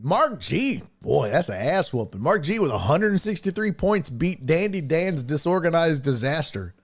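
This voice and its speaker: A man's voice: a little high, big pitch swings, normal speed, husky. A man hosting a sports podcast, casually teasing listeners and reading out fantasy league scores. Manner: playful teasing, reads fantasy league results. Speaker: podcast host.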